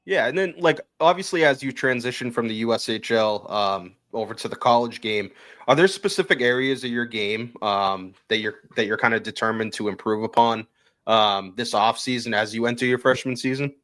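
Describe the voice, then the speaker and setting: A man's voice: mid-range voice, normal speed, a bit bright. A man with a mid-range voice hosts a casual podcast interview. He asks long, loose questions padded with fillers and friendly asides. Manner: chatty, filler-heavy questions. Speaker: podcast host.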